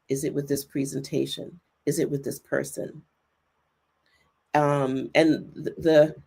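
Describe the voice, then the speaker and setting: A woman appears as a guest in a reflective podcast conversation over a remote video call. Her voice sits low, creaky, a little mellow and slightly rough, and she speaks earnestly and thoughtfully, speeding up and slowing down as she thinks.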